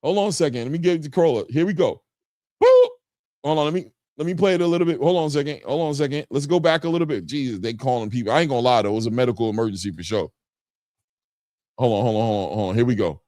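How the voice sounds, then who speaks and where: A man hosting a boxing chat show, talking casually and excitably while replaying fight clips and hollering reactions. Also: medium pitch, racing, no echo, clean studio sound.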